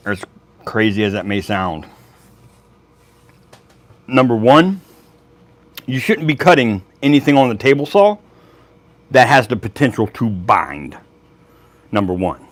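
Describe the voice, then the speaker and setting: A man's voice: lowish voice, dry recording. A man hosting a woodworking channel, chatting casually to a live audience in a laid-back, rambling way. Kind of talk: casual livestream chat.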